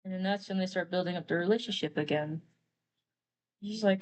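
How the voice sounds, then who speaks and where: A woman's voice: lowish voice, brisk, pauses often, darkish tone. A woman retelling a story casually while drawing on a live stream, rambling and quoting characters with "he's like". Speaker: artist streamer.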